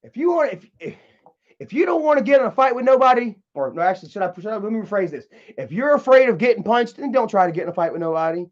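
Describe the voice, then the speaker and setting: Man, high voice, casual profane storytelling, live streamer, muffled lo-fi audio. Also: very animated, fast. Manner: profane, rambling, laughs at his own stories.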